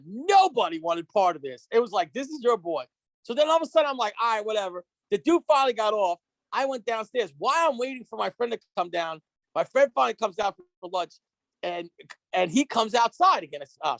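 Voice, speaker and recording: A man telling a story on a casual podcast, animated and profane, acting out the dialogue. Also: sits high, brisk, dry recording. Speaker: guest.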